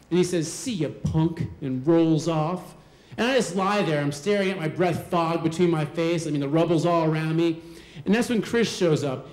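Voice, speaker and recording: A man telling a personal story on stage, animated and acting out the voices of the people in it. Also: fairly high pitch. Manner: animated, acts out quoted voices. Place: live storytelling show venue. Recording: roomy hall sound.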